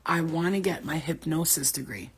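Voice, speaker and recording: A woman's voice: low voice, moderate pace, husky. A woman, a spiritual healer, rambling and swearing freely in casual chat with her viewers.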